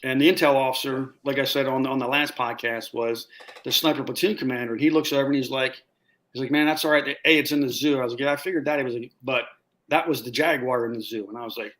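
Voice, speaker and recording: A man guest telling a casual, animated story with laughs, acting out what others said. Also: mid-range voice, fast talker. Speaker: guest, former Marine sniper.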